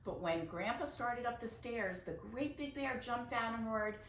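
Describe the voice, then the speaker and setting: A woman's voice: a little high, expressive, unhurried. Woman teacher reading a storybook aloud. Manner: chatty asides to kids, explains Yiddish words. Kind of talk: picture-book reading for children. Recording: roomy, distant mic, faint noise.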